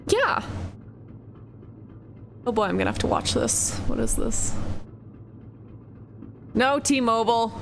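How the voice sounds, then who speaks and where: A woman's voice: medium pitch, noisy background. A woman streamer giving casual, profane, joking commentary on a game between cases.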